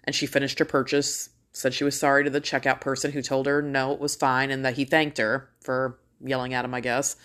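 A woman's voice: very deep voice, level tone, fairly quick, hardly any pauses, a bit bright. A middle-aged woman ranting casually to her viewers, blunt and full of swearing as she tells a story. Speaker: vlogger.

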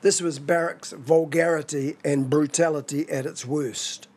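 A man preaching a sermon in a measured, expository way. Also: on the high side, fairly even intonation, a little mellow, husky. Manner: measured, expository, dramatizes quoted scripture.

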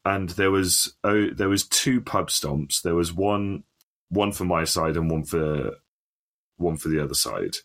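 A man's voice: deep voice, unhurried, a bit bright. A man co-hosting a podcast in casual banter, swearing a lot and laughing often. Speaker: podcast co-host.

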